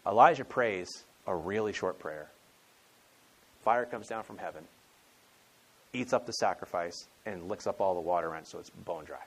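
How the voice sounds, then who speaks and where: A man's voice: deep voice, moderate pace, pauses often, breathy edge. Conversational man preaching a sermon. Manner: conversational storytelling, acts out quotes, frequent restarts. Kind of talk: expository sermon.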